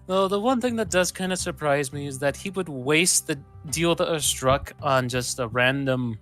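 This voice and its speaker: A man voicing a cheery but uncaring woman who keeps a deal, talking briskly and dismissively. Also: fairly high pitch, fairly bright tone, soft background music, natural voice.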